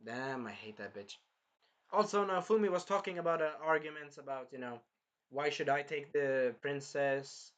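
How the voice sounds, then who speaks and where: Excitable man with a bright voice. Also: fairly high pitch, moderate pace. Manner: excitable, rambling, jumping between plot points. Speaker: anime reviewer. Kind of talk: casual episode recap.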